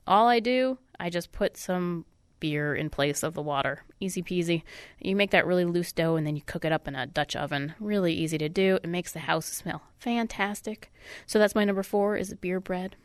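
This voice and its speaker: Chatty radio host with a stuffy nose. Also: female voice, fairly low pitch, normal speed, smooth, no room sound. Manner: chatty, upbeat, self-deprecating. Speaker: radio food show host. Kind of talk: casual radio food segment. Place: radio studio. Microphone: studio microphone.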